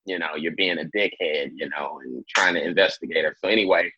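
A man telling a long story in a casual interview, animated and swearing freely as he acts out what people said. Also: a bass voice, a little fast, breathy edge, dry recording. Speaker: interview guest. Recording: dull lo-fi sound.

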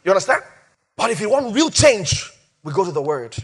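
High-voiced preacher with swooping delivery. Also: male voice, big pitch swings, fairly quick, a bit bright, slightly rough. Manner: preaching with dramatic rises and drops, repeats phrases. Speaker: pastor. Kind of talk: sermon.

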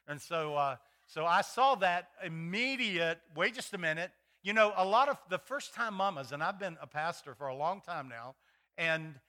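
A middle-aged male pastor preaching a sermon in a folksy, storytelling way, acting out the people in his stories. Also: on the high side. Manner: animated, acts out voices in his stories; folksy, many fillers and restarts.

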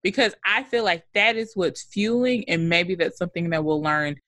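A woman co-hosting a podcast in casual chat, animated, swearing and laughing often. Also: lowish voice, moderate pace, dry recording. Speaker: podcast co-host.

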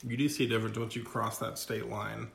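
A man's voice: fairly low pitch, little pitch movement, quick pace, gravelly, a bit bright, a little hiss or hum. A man from California chatting casually as a podcast co-host, chiming in with short agreements. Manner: brief agreeing interjections. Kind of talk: casual chat. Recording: echoey room.

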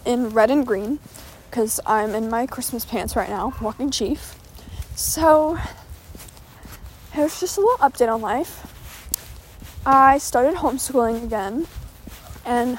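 A woman's voice: high-pitched, a little hiss or hum. A teenage girl rambling casually in a vlog while walking her dog outdoors, chatty and easily distracted, talking into her phone. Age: teens. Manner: chatty, distracted, quick asides and fillers. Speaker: vlogger. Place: outdoors on a walk.

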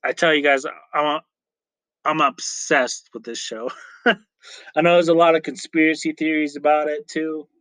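A man hosting his own podcast in a casual, rambling solo chat, correcting himself often and filling pauses with ums and uhs. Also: on the high side, fairly even intonation, a bit bright, dry recording. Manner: rambling, chatty, self-correcting with frequent fillers. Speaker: podcast host.

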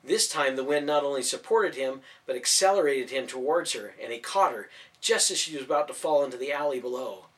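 A man narrating a storybook in expressive audiobook style. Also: mid-range voice, fairly quick, few pauses. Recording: voice from a distance off mic.

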